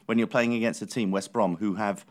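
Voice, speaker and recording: Deep-voiced man repeating words for emphasis. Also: steady tone, brisk. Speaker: podcast co-host. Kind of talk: football analysis chat.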